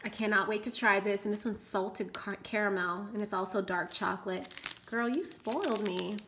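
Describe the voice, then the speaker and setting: A woman craft vlogger opening gifts in an unboxing vlog, gushing and excitable, often squealing and gasping. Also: mid-range voice, moderate pace, slight background noise.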